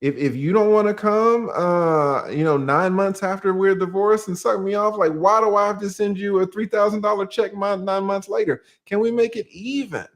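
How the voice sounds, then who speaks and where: A man's voice: high-pitched, fairly even intonation, normal speed, few pauses. A man with a Southern accent from Georgia, an attorney guest in a casual livestream chat, laid-back and asking rhetorical questions.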